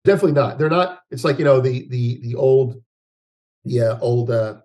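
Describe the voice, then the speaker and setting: A man's voice: mid-range voice, normal speed, darkish tone. A man speaking as a guest market analyst in an interview, talking in a rambling way with frequent restarts and fillers. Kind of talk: conversational interview.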